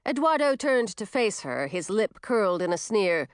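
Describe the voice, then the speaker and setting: Audiobook: expressive woman narrator, lively pitch, dry booth sound. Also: a little slow, hardly any pauses, clear, resonant tone, dry recording. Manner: expressive storytelling.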